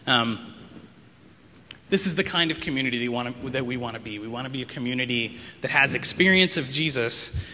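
A man's voice: medium pitch, animated, a little fast, sharp tone, slight background noise. A man giving a conversational sermon as a pastor, reflective and loose, with frequent ums and wry asides. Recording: long reverb of a large hall.

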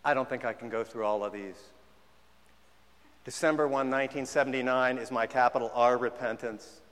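A man's voice: mid-range voice, steady tone, moderate pace, fairly bright tone. Male preacher, conversational delivery, mid-range voice, long reverb of a large hall. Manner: conversational, mimics sulky apologies. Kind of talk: sermon.

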